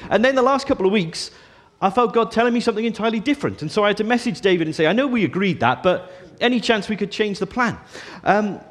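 A man's voice: high-pitched, lively intonation, quick pace. A man, a father in his thirties, preaching a sermon to his church in a conversational way with frequent ums. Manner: conversational, warm and self-deprecating, with frequent ums. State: deaf in his left ear this morning.

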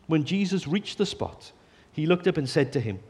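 A man preaching a sermon, earnest, often dropping to a soft hush on key phrases. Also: fairly high pitch, big pitch swings, moderate pace, husky.

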